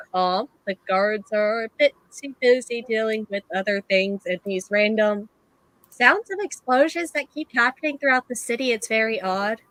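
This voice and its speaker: A woman game master narrating a tabletop game in a relaxed, halting way with fillers. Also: mid-range voice, no room sound, low-quality recording.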